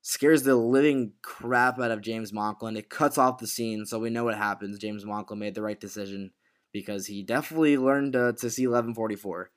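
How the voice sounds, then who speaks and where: A man's voice: on the low side, fairly even intonation, a little fast, smooth. A man co-hosting a casual podcast chat, animatedly retelling a TV episode with swearing and acted quotes. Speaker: podcast co-host.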